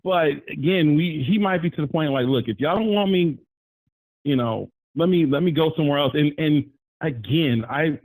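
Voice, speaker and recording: A man calling into a live sports talk show, rambling and animated, often jumping his voice up to quote people. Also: fairly high pitch, moderate pace, no room sound, low-quality recording. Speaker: caller.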